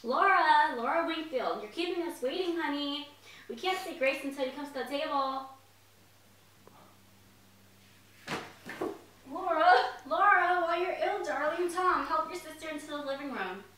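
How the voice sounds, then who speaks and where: A woman's voice: sits high, lively intonation, a little fast, a bit bright. A young woman playing a fussy, chatty faded Southern belle mother in an amateur play, gushing and rambling in a genteel way. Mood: calling. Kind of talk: amateur stage play reading. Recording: echoey room, mic from far off, faint hiss.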